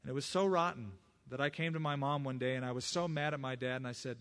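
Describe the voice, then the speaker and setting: A man's voice: medium pitch, fast. A man preaching a sermon with personal stories, acting out the voices of the people he quotes. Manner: expressive preaching that acts out quoted speech; personal testimony.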